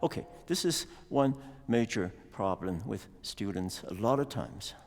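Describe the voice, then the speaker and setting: Male piano teacher, low gravelly voice with an animated delivery, giving a master class in a reverberant concert hall. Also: unhurried. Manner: sings rhythms aloud and explains patiently.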